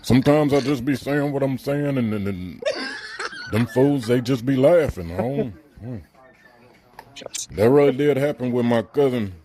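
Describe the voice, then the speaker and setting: A man's voice: medium pitch, normal speed, crowd noise. A man on a podcast telling a rambling, profane story in casual chat.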